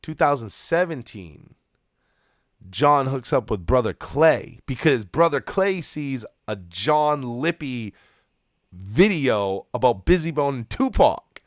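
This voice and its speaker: A man's voice: medium pitch, expressive, slow, no room sound, clean studio sound. A man in his thirties, co-host of a podcast, telling a rambling, profane story with lots of restarts. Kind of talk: casual storytelling.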